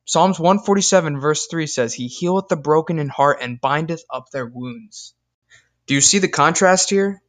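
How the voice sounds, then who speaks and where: A young man speaks in a scripted devotional style, earnest and emphatic, reading Bible verses slowly and deliberately. His voice is somewhat high for a man. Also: a bit bright.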